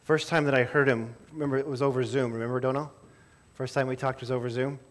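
A man's voice: medium pitch, steady tone, brisk. A man preaching a sermon to his church in a conversational way, often repeating words as he restarts a thought. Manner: conversational, self-interrupting with small laughs and repeated words. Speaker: pastor.

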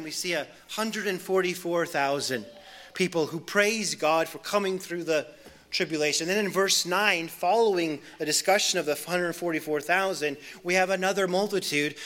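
Bright-voiced earnest male preacher. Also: on the high side. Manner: earnest, builds intensity in lists, then drops soft. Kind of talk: expository sermon.

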